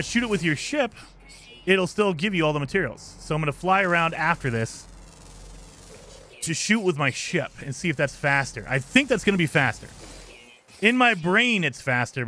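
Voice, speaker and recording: Male gaming streamer, slightly high, bright voice; chatty play-by-play commentary. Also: sing-song, moderate pace. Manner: chatty, explains as he plays, grumbles at game tools. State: out of breath at times while running. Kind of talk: casual gameplay commentary.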